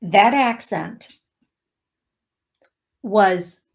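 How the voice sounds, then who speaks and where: A woman's voice: mid-range voice, drawn-out words, creaky. A woman hosting a radio show as a psychic medium, telling stories in a chatty, laughing way. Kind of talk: casual chat. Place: radio studio.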